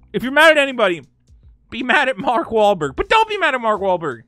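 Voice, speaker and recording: A man's voice: high voice, sing-song, quick pace, pushed and bright, no echo, soft background music. A man from Massachusetts, hosting a sarcastic, ranting commentary vlog. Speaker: commentary host.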